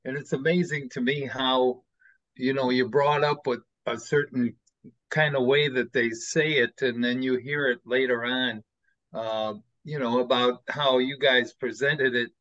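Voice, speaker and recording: A man's voice: medium pitch, steady tone, measured pace, fairly bright tone. Guy rambling thanks in a q&a, lots of you-knows, mid voice, dull muffled sound. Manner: rambling, enthusiastic, many fillers. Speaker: audience member. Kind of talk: casual thanks in a Q&A.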